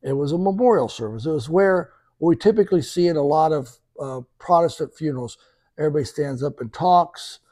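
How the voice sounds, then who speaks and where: A man's voice: a little high, fairly quick, no room sound. A man telling a story as a podcast guest, acting out the dialogue he quotes. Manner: lively storyteller who acts out quoted dialogue. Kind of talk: conversational storytelling.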